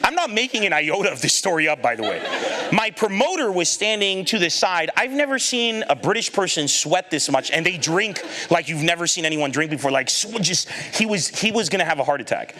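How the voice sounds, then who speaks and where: A comedian giving an animated storytelling talk, acting out the people in his anecdotes and laughing at his own lines. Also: high-pitched, brisk, a crowd in the background.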